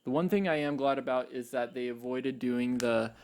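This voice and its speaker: A man's voice: medium pitch, moderate pace, clean tone. A man co-hosting a podcast, chatting casually in a sarcastic, joking way. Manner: jokey, sarcastic. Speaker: podcast co-host. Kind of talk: casual chat.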